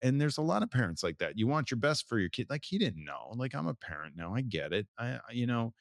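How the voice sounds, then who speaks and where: A man's voice: mid-range voice, very animated, quick pace, creaky, no echo, clean studio sound. A man from the United States in his forties, a photographer being interviewed, telling stories in a loose, rambling way with frequent restarts. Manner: rambling, with many restarts and fillers. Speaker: photographer, guest. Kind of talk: casual interview talk.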